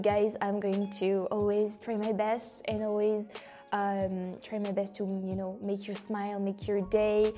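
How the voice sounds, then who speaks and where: A woman's voice: mid-range voice, mellow. A woman with a French accent, a vlogger talking casually to camera, effusive and exclamatory, with gasps and laughter. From France. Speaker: vlogger opening gifts from viewers. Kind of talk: casual vlog talk to camera.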